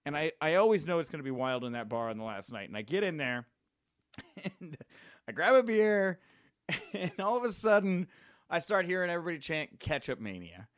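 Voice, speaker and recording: A man hosting a podcast, telling a story in a casual, excitable way and laughing often. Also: on the high side, normal speed, dry recording, clean studio sound. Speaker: podcast host.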